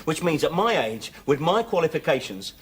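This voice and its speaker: A wry ex-con dad. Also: male voice, fairly high pitch, very animated, moderate pace. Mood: teasing. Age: 40s. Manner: cheeky, sardonic banter. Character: wry 45-year-old male ex-convict dad. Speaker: sitcom character. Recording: noisy TV sitcom audio.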